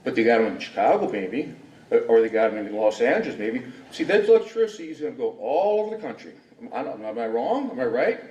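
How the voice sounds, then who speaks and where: A man's voice: mid-range voice, sing-song, fast talker, a little mellow, muffled recording. A man from Wisconsin giving a rambling, indignant public comment full of rhetorical questions at a hearing. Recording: echoey hall from far off.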